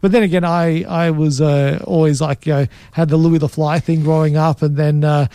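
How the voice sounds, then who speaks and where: A man, co-hosting a show, joking and rambling with halting restarts. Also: on the high side, little pitch movement, warm tone, smooth, dry recording. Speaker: radio co-host. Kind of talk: casual chat.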